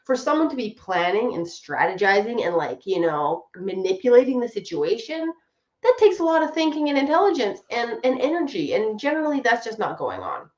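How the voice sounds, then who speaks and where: A woman's voice: fairly high pitch, sing-song, a little fast, darkish tone. A woman marriage coach giving casual advice in a conversational way, often acting out what other people say. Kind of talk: casual advice talk to camera. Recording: roomy, slightly dull recording.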